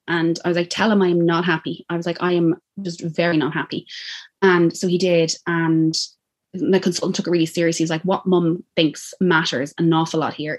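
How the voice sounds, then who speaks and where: Fast-talking Irish woman. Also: fairly low pitch. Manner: animated, acts out quoted lines. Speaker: guest telling her birth story. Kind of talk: casual personal storytelling.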